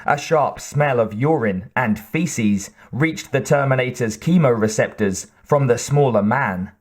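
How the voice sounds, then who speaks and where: A man narrating an audiobook in a measured, even delivery. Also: medium pitch. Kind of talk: scripted narration.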